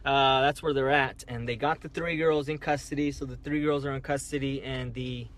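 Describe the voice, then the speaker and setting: A man tells a story into his phone on a casual livestream. His voice is bright and sits at a middle pitch. He rambles, repeats himself and keeps restarting his sentences. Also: fairly even intonation, moderate pace. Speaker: livestreaming driver. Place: parked car at night.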